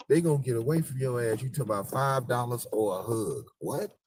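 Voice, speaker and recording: A man's voice: mid-range voice, lively intonation, fairly quick, few pauses, darkish tone. A man hosting a live stream from outdoors, joking crudely and rambling in casual street commentary. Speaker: livestream host. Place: outdoors outside a store.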